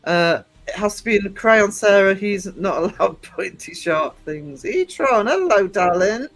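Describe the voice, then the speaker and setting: High-voiced man, teasing and laughing. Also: lively intonation, a little slow, fairly bright tone, soft background music, poor audio. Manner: laughing, teasing, greets chatters as darling. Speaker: podcast host reading live chat. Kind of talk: casual live-stream chat.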